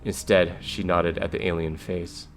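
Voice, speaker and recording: Deep gravelly man reading a game aloud. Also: flat delivery, a little slow, a little hiss or hum. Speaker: game reviewer.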